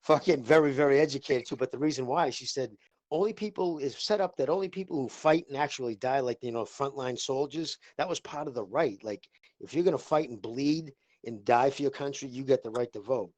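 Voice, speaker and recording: A man's voice: medium pitch, fairly quick, darkish tone, dry recording. A man with a Boston accent talking casually on a podcast, rambling and swearing with lots of restarts. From Boston area, USA. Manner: rambling, profane, many restarts. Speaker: podcast co-host.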